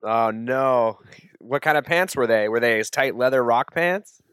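A man hosting a comedy podcast interview, prodding his guest in a deadpan, polite way. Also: medium pitch, unhurried, clear, resonant tone, dry recording. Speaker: podcast host.

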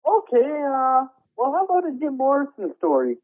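Man voicing a high-pitched, folksy older roadie who rambles into anticlimaxes, heard on a tinny phone line. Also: wildly swooping pitch, no echo, full character voice. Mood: rambling. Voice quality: folksy rambling with frequent chuckles. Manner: drawn-out anticlimactic storytelling. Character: rambling old male rock roadie, folksy and easily amused. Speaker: phone-in guest. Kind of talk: comedy phone interview sketch.

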